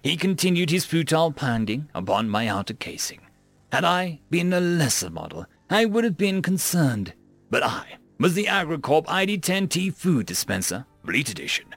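A man's voice: on the high side, big pitch swings, moderate pace, a bit bright, dry recording, soft background music. Man narrating with dry, gleeful relish. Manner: dry, mock-dramatic, gleeful. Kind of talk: first-person story narration.

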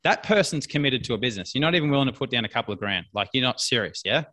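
A man's voice: mid-range voice, expressive, racing, sharp tone. A man, a business coach, talking bluntly and emphatically in a casual interview, repeating his key points.

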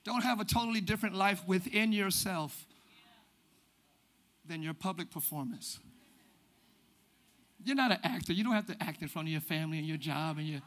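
A male pastor preaching a sermon in church, animated and often shouting, acting out little quoted voices along the way. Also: sits high, normal speed, long pauses. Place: church sanctuary.

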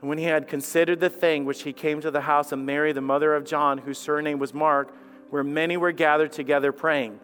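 Impassioned high-voiced male preacher. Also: little pitch movement, fairly quick, soft background music. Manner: impassioned, swinging between hushed and loud, repeating phrases. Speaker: lead pastor. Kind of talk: sermon.

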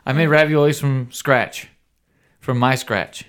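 A man's voice: mid-range voice, steady tone, a little slow, a bit bright, clean tone. A man in his forties hosting a casual podcast. He jokes, teases and pokes fun at himself. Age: 40s. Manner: joking, teasing, self-mocking. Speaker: podcast host.

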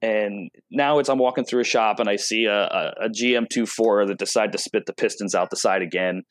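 A man's voice: on the low side, a little fast, dry recording. Man, casual interview talk, chatty, acts out quotes, dry recording. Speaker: automotive product rep and guest.

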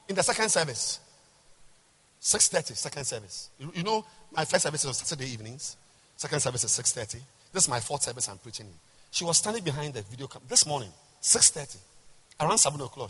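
A man, a bishop, preaching a sermon to a large congregation, emphatic and rhetorical, swinging from quiet asides to shouts. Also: fairly high pitch, slightly rough. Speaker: bishop and pastor. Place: large church hall. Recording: reverberant church hall.

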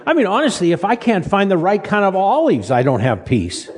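A man in his seventies preaching a sermon in a folksy, halting way, repeating words as he tells stories. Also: high-pitched, wildly swooping pitch, crowd noise. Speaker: pastor. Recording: long reverb of a large hall.

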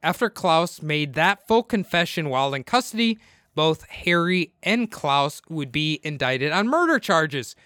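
A man's voice: a little high, very animated, a little slow, bright, forceful tone, no room sound, studio quality. A man co-hosting a casual true-crime podcast, reading the case from his notes and laughing often. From Minnesota. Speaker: podcast co-host.

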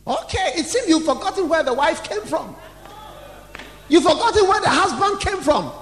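High-voiced preacher shouting in a hall. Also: male voice, very animated, moderate pace. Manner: mocking, shouting, acting out congregants. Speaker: pastor. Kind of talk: sermon. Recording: echoey church hall, long reverb.

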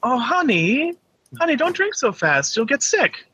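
A man's voice: very high voice, big pitch swings, a little slow, sharp tone, slight background noise, pitched above the performer's own voice, heavily acted. Man doing a fussing worried girlfriend. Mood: soothing. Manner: fussing, soothing. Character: worried caring young woman, the girlfriend. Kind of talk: tabletop role-play.

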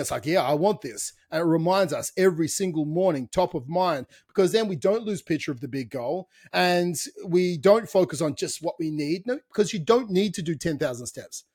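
A man co-hosting a fitness podcast, talking in an upbeat, motivational way with casual swearing. His voice sits a little high, and the recording is dry and close. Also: a little mellow, husky, dry recording. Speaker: podcast co-host, fitness coach.

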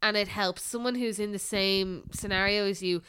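A young Irish woman co-hosting a podcast in casual, animated chat. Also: mid-range voice, normal speed, clean tone. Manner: animated, exclaiming, relaxed. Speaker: podcast co-host.

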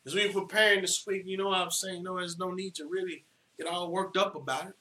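A man's voice: high voice, steady tone, fast talker, bright, forceful tone, roomy sound. A male pastor preaching a sermon, building emphasis through rhythmic repetition.

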